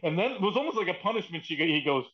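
A man's voice: sits high, lively intonation, very fast. A man who is a guest on a podcast tells a backstage story in a casual, profane way and acts out the quoted dialogue. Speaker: podcast guest, former wrestling writer. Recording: muffled lo-fi sound.

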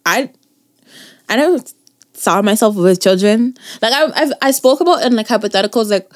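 A woman's voice: a little high, moderate pace. A young woman co-hosting a podcast, telling a story in casual chat, acting out quotes and laughing often. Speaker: podcast co-host.

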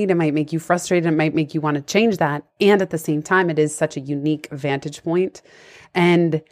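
Lower-voiced woman hosting a video call. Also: a little mellow. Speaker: host and life coach. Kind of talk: casual conversational interview.

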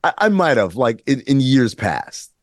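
A man co-hosting a casual sports talk show, emphatic and animated, often mimicking other voices. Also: medium pitch, a little slow, no room sound, studio quality. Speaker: podcast co-host.

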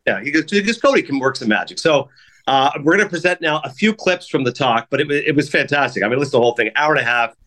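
A middle-aged man hosting a podcast, telling casual stories at a rapid clip and acting out what people said. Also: medium pitch. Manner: rapid, animated anecdotes with acted-out quotes. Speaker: podcast host. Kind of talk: casual storytelling chat.

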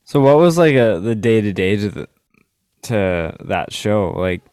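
A man hosting an interview, asking relaxed questions and giving short affirmations. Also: on the low side, a little slow, smooth, no room sound. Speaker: podcast host. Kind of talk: casual interview.

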